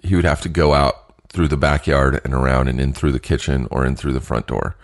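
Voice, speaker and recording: A man telling a personal story in a casual, halting way, laughing between phrases and sniffly from allergies. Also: extremely low pitch, steady tone.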